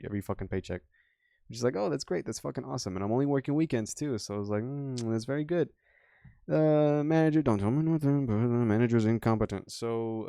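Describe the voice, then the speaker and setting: Young guy, mid-low voice, rambling profane venting to camera, dry room. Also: mellow, clear, resonant tone, no room sound. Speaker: vlogger. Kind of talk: candid personal vent.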